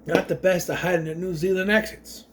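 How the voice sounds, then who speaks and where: A man's voice: high-pitched, level tone, brisk, a little hiss or hum. A man giving a casual, rambling recap of a movie, wandering off on tangents and briefly mimicking the characters. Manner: mimics characters' voices mid-story. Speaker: movie reviewer.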